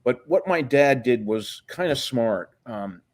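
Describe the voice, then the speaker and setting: A man's voice: mid-range voice, expressive, takes it slowly. A middle-aged man speaking as an interview guest, rambling from story to story. He swears freely and acts out the voices of people he quotes. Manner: rambling, profane, re-enacts quoted dialogue.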